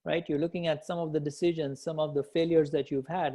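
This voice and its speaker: A man's voice: on the high side, level tone, fast talker, few pauses, mellow. A man coaching entrepreneurs in a live session, encouraging and repetitive, answering participants as he goes. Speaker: business coach.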